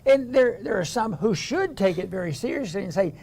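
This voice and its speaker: An older man co-hosting a casual political chat, speaking haltingly with many restarts and chuckles, his voice gravelly. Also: high voice, expressive, a little mellow. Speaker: co-host.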